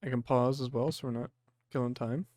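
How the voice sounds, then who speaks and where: A man narrating a tabletop horror game as game master, descriptive and unhurried with frequent fillers. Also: medium pitch, steady tone, darkish tone, no echo, clean studio sound.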